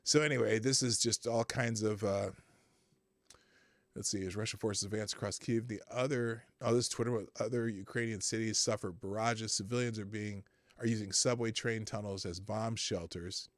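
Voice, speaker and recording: A man hosting a live political commentary show, animated, sarcastic and profane as he reads out the news. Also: fairly low pitch, moderate pace, dry recording. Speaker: host.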